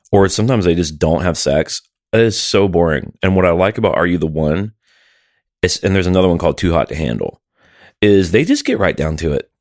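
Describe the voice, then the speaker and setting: A man's voice: sits low, no room sound, clean studio sound. A middle-aged man co-hosting a podcast, talking in crude, joking casual chat. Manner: crude, joking, plays bits. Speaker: podcast co-host.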